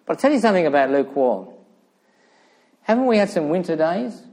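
A man preaching a sermon in a church, animated, full of rhetorical questions, swinging between loud emphasis and hushed asides. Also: a little high, brisk.

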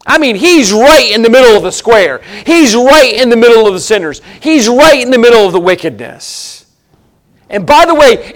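High-voiced preacher man. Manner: emphatic, repeats phrases, swings between loud and hushed. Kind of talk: sermon.

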